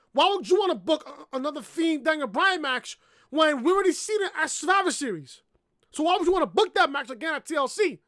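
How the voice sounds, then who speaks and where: A woman's voice: sits high, fairly bright tone, no echo, clean studio sound. A woman reviewing a wrestling show in a blunt, profane rant, repeating herself and barking "woof" between points, on a laptop webcam mic. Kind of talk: profane ranting review vlog.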